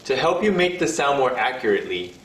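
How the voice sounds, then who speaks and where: A man giving scripted instructions in a language lesson, demonstrating each sound with slow, drawn-out vowels. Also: medium pitch, sing-song, a bit bright. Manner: slow, carefully paced delivery with sung and held vowel demonstrations. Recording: roomy, distant-sounding recorded video.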